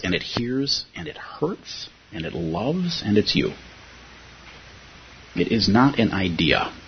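A man giving a reflective dharma talk as a Buddhist teacher, earnest, with pauses and fillers. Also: fairly low pitch. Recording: dull lo-fi recording with faint hiss.

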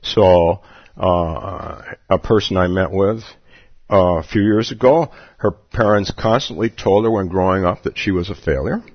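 A man's voice: sits low, a little slow, no room sound. A man giving a dharma talk as a Zen meditation teacher at a retreat, playful, chuckling often and repeating his questions. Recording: dull lo-fi recording.

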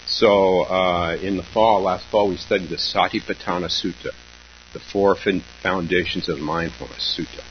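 A man, a Zen teacher, giving a dharma talk in a slow, halting, reflective way with pauses and soft laughs. Dull lo-fi recording with a faint hum. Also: low-pitched, steady tone.

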